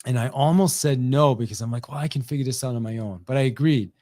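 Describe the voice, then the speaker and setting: Animated storytelling man, dry sound. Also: mid-range voice, fast talker, dry recording. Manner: animated, acts out quoted dialogue, frequent restarts. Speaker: sales trainer. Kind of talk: motivational storytelling.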